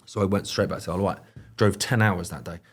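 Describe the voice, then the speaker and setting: Male guest, British accent, lowish voice, loose rambling storyteller. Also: fast. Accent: British English. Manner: rambling, anecdotal, frequent fillers and restarts. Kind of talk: casual conversational chat.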